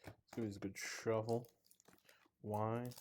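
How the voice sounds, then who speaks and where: Guy ripping card packs on camera, kinda low voice, chatty and jokey. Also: level tone, slow pace, darkish tone, a little hiss or hum. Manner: chatty, self-mocking, reads card names aloud. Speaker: card box opening host. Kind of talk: casual unboxing commentary. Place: indoors under two large lights.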